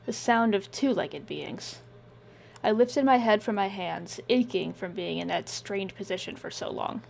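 A woman reading first-person scripted fiction in a measured, subdued way. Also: mid-range voice, gravelly, a little mellow. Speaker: audiobook narrator.

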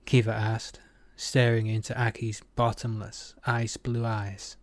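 A male narrator reading a romance audiobook in a measured, intimate way. His voice sits on the low side and he reads very slowly. The sound is close-miked and entirely dry. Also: little pitch movement, no echo.

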